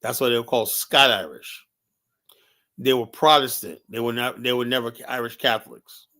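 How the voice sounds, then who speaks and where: A man's voice: mid-range voice, normal speed, sharp tone. A man with hosting a show, talking in a blunt, rambling, profane way and stopping to ask his co-host whether he agrees. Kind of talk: casual opinionated monologue.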